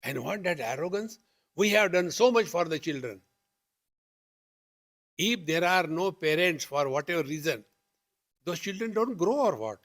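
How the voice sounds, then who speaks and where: A man's voice: on the high side, normal speed, pauses often. A man giving a spiritual discourse at a retreat, telling stories and acting out both sides of the dialogue with rising questions. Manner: lively storytelling, acts out dialogue with rising questions. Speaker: spiritual teacher. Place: retreat hall.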